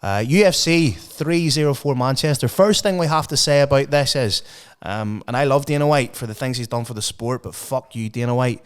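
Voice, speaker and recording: A man talks fights on a podcast, eager and sweary. His voice is smooth and clear, sitting at a middling pitch. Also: moderate pace. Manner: enthusiastic, sweary, previewing fights. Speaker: podcast co-host. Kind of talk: casual chat about MMA.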